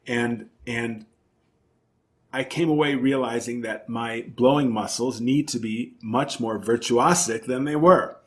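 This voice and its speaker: A man's voice: medium pitch, measured pace. A man, a professional oboist, talking in an interview and explaining his craft thoughtfully with emphatic repetitions. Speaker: principal oboist and oboe professor, interview guest. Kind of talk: conversational interview.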